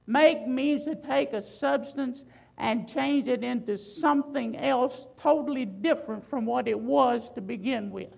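A woman preaching a sermon, building emphasis with loud swells and slow, drawn-out phrases. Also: high-pitched, vocal fry, rough recording.

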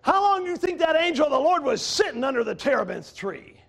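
A man preaching a sermon, a former pastor, who swings from loud to quiet and laughs between points. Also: very high voice, very animated, quick pace.

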